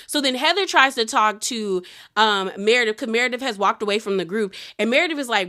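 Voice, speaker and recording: A woman giving a casual, animated recap of a reality TV episode, acting out what the cast said and laughing along. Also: on the high side, fairly quick. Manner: laughs between remarks.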